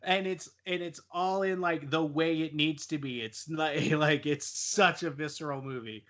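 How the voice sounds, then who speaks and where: A man's voice: fairly high pitch, fairly even intonation, unhurried, a bit bright. A young man on a casual podcast, retelling a horror film in a rambling, profane way and laughing often. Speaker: podcast co-host.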